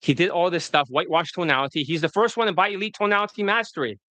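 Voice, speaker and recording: A man's voice: high voice, fast talker, bright, forceful tone, no room sound. A man working as a dating coach, giving a blunt, profane, rambling video lecture off the cuff.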